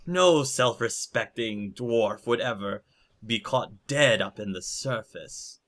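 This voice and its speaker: A man voicing a massive, stern female golem queen with a booming, commanding voice. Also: takes it slowly, a bit bright.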